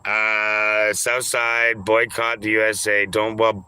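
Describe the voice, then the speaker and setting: A man streaming and reading chat in a casual way, teasing viewers, crude and offhand, repeating names in drawn-out pleading calls. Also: lowish voice, little pitch movement, bright, forceful tone, clean tone.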